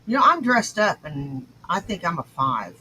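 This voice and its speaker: A woman's voice: fairly low pitch, sing-song, moderate pace, bright, forceful tone, slight background noise, low-quality recording. A woman hosting a livestream, reacting to clips with scornful, insulting commentary. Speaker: stream host reacting to clips.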